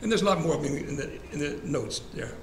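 A man's voice: on the high side, lively intonation, fast talker. A man leading a church Bible study class in a conversational way, asking the group questions and repeating verse references. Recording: echoey room, faint ambient hiss.

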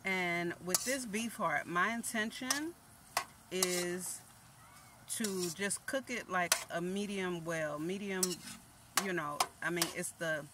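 Chatty, self-teasing home cook talking over a loud frying pan in a noisy kitchen. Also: medium pitch, takes it slowly. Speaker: cooking vlogger. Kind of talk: casual chat while cooking. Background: sizzling pan and stirring.

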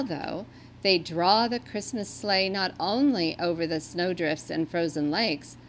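A woman reading a children's story aloud in a gentle, expressive storytelling way. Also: fairly low pitch, a little hiss or hum.

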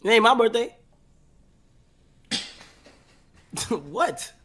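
A man streaming live, excitable and teasing, talking fast in casual slang. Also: extremely high pitch, slight background noise. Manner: excitable, teasing, shouts when laughing.

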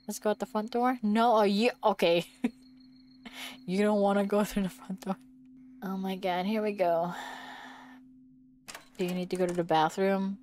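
A woman's voice: medium pitch, darkish tone. A woman streaming a video game, reacting to it with jokes and lots of giggles. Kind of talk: let's play commentary.

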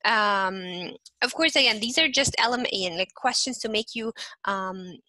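A woman's voice: a little high, a little slow, sharp tone, dry recording, poor audio. A young woman instructor giving a recorded lecture, often repeating "again" and acting out short examples. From not from Canada.

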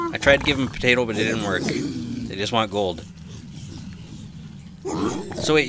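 A man talks through his gameplay in an easy, chatty way, breaking into sudden yelps when things go wrong. His pitch moves about a lot. A clear dripping sound from a home aquarium runs under his voice. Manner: chatty, easily excited, yelps and laughs. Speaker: gaming channel host. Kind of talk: casual gameplay commentary. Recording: noisy home recording, aquarium drip behind. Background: dripping aquarium water.

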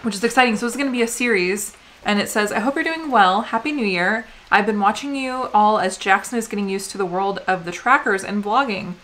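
A woman's voice: medium pitch, brisk, a bit bright, a little hiss or hum. A woman in her thirties from the United States, co-hosting a vlog and chatting casually while reading viewer mail with lots of "um"s. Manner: chatty, rambling, often says "um". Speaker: vlog co-host.

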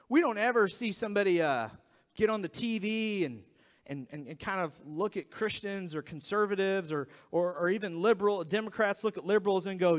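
A man preaching a sermon as pastor, in a conversational, animated style, acting out quotes along the way. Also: high-pitched, a little fast, big-room sound. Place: church sanctuary.

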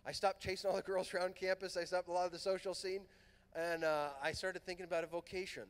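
A middle-aged Southern California man, a priest who speaks at conferences, tells a lively personal story to a youth conference, acting out the voices in his dialogue. His voice sits high, he talks fast, and his tone is clean. The large fieldhouse hall gives the recording a long reverb.

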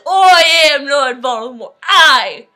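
A shouting villain wizard with a lowered, booming voice, as a girl puts him on during a toy play. He bellows each threat, trying to sound dark and grand. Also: expressive, slow, heavily acted. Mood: menacing. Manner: loud and shouting.

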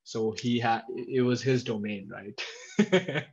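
Animated man telling safari stories. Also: mid-range voice, slow, husky. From India. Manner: animated storyteller, reacting to viewer comments. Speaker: wildlife presenter. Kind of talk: livestream storytelling. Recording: dull lo-fi livestream audio.

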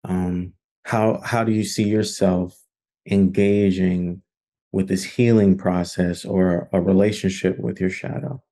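A man's voice: low-pitched, fairly even intonation, unhurried, dark tone. A man leading an online film study group, talking in an earnest, conversational way with plenty of fillers. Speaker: discussion leader.

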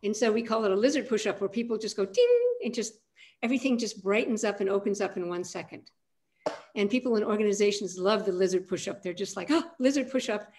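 An older woman, an aikido teacher, guiding a calm centering practice on a video call with a soft, unhurried manner. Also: mid-range voice. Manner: calm, soft-spoken guidance with frequent pauses.

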